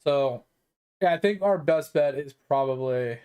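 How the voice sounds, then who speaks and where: A gaming streamer chats casually during a live stream, rambling, leaning heavily on "like" and "um," and swearing now and then. His fairly high voice is clear and resonant at a measured pace, though the audio has a phone-quality sound.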